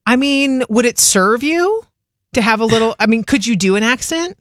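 A woman with a fairly high voice joins a casual chat in a playful, encouraging way. Her pitch moves a lot, and the recording is dry. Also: lively intonation, normal speed, no room sound.

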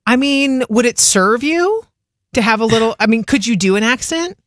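A woman's voice: fairly high pitch, animated, normal speed, a bit bright, no echo, clean studio sound. A woman co-hosting a casual chat, playfully egging on her partner with short, encouraging replies. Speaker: podcast co-host.

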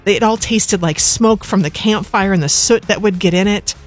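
A woman's voice: medium pitch, moderate pace, faint music behind. Woman sharing a heartfelt faith testimony. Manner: heartfelt, reflective storytelling. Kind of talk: personal testimony.

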